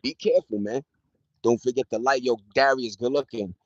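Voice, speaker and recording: A man's voice: medium pitch, a little fast, no echo, dull audio. A man hosting a casual livestream outdoors, chatting loosely with viewers in slang. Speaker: livestream host. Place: outdoors in a park.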